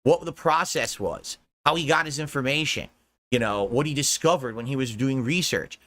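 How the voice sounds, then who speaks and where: A man's voice: medium pitch, pushed and bright, no echo. An American man streaming to his viewers in rambling casual chat, laughing often and swearing casually. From United States. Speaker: streamer talking to his audience.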